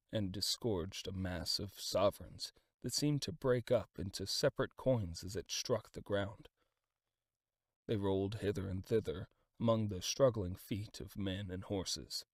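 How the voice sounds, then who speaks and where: A man reading a classic novel aloud as an audiobook, in a dramatic, expressive style of scripted narration. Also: on the low side, no echo, clean studio sound.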